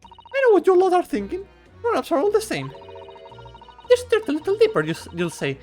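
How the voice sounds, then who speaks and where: A man's voice: very high-pitched, huge pitch swings, brisk, darkish tone, faint music behind, voice pushed up, exaggerated voice. A man voicing a brash young female London pickpocket, with a put-on Cockney accent and dropped H's. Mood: mocking.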